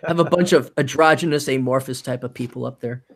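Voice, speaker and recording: A man's voice: mid-range voice, a little fast. A man hosting a podcast in casual, profane chat, often slipping into put-on voices. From American. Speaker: podcast host.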